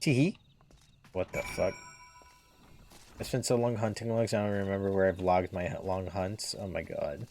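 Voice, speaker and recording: A man's voice: low-pitched, little pitch movement, fairly quick, hardly any pauses, a little mellow. Sarcastic male gaming streamer. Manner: sarcastic, mocking asides. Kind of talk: casual gameplay commentary. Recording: faint music underneath.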